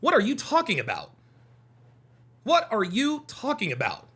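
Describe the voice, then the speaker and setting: A man's voice: high voice, wildly swooping pitch, normal speed, bright, forceful tone, slightly rough. A young adult man hosting a call-in livestream, arguing with chat in a combative, mocking way and repeating his points. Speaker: host of a call-in show. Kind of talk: heated livestream commentary, answering chat.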